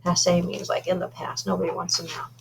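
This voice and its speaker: A woman's voice: fairly low pitch, level tone, brisk, creaky, slight background noise, low-quality recording. A woman reading a children's novel aloud in an informal way, stumbling now and then and adding asides about her own slips. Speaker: reader.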